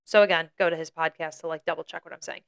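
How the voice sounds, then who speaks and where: A woman's voice: low voice, fairly even intonation, fast, vocal fry. A young woman co-hosting a podcast, casually retelling a story with lots of "like" and acted-out quotes. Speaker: podcast co-host.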